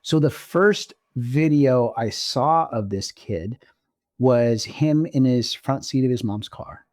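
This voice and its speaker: A man co-hosting a casual podcast, telling long stories with animated swings in pitch. His voice sits at an ordinary middle pitch. The sound is close and dry. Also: slow pace, no echo. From Oregon. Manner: animated storyteller, pitch jumps when excited. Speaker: podcast co-host. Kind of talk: casual storytelling chat.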